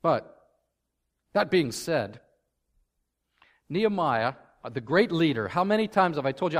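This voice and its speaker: A man's voice: a little high, sing-song, moderate pace. A man preaching a sermon as pastor, earnest and building to fervent emphasis. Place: church sanctuary. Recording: long reverb of a church hall.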